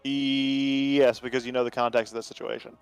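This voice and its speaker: A man runs a tabletop game as game master, talking casually and stopping for fillers. His voice is smooth and clear at a middling pitch. Quiet music plays in the background. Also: little pitch movement, normal speed.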